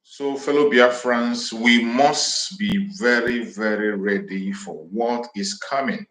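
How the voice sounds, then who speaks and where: Speaking at a medium pitch and slow pace with a slightly bright tone, this man from southeastern Nigeria is an activist hosting an impassioned livestream address. Into a home microphone in an echoey room, he makes fiery, repetitive, defiant declarations.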